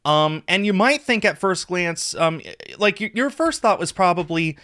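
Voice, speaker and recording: An American man hosting his own collector video, talking in a casual, rambling way with lively jumps in pitch. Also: slow pace. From United States. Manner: rambling, chatty, animated pitch swings. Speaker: video host.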